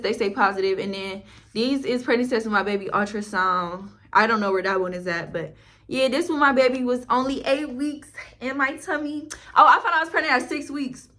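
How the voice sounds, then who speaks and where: A woman's voice: a little high, a bit bright, slight background noise. A woman vlogger telling a casual storytime to her viewers, candid, chatty and blunt, with frequent swearing.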